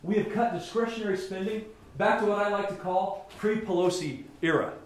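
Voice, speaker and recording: A man's voice: sits high, brisk. A man, a senator, giving a political speech to a small gathering and telling stories, often restarting and repeating words as he goes. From Colorado. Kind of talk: political stump speech with anecdotes. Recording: very echoey room with faint ambient noise.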